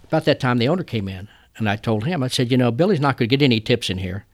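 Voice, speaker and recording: A man's voice: medium pitch, expressive, fast talker. An older man, a trial lawyer telling folksy stories in an interview. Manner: folksy, drawling storyteller. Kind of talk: interview storytelling.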